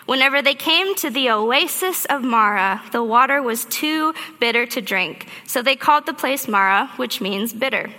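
A woman preacher giving a sermon, telling a story in a lively way and acting out her own thoughts. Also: a little high, normal speed, few pauses. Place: church auditorium. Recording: reverberant hall.

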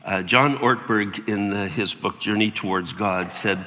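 An older man preaching a sermon as pastor, animated and acting out voices with sudden jumps in pitch. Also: a little slow, big-room sound.

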